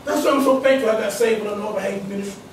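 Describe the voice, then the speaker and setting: A man preaching a fiery sermon, driving his points home with shouts and repeated phrases. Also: sits high, fast, a little hiss or hum. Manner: preaches with rising shouts and emphatic repetition. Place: church hall. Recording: echoey hall, mic from far off.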